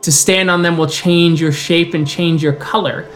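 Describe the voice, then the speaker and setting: A man narrates a tabletop game as its storyteller, his mid-pitched voice a bit bright and fairly even in intonation. He takes his time with descriptive passages, punctuates them with brisk rules calls, and faint music sits underneath.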